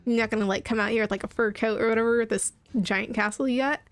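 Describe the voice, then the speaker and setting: A woman's voice: a little high, fairly even intonation, quick pace, no echo, soft background music. A young woman streaming a game, chatting casually with sarcastic asides and frequent laughter while reading the story aloud.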